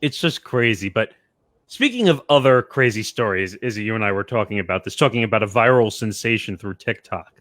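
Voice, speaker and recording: A man's voice: fairly low pitch, animated, brisk, a bit bright, no echo. Laid back guy cohosting a podcast, easygoing stories, dry close mic sound. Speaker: co-host. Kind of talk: casual podcast chat.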